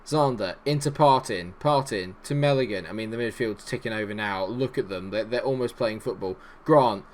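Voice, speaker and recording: A man giving excitable, jokey let's-play commentary, chatting to the players on screen as he goes. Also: lowish voice, moderate pace, hardly any pauses, a little hiss or hum. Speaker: gaming YouTuber.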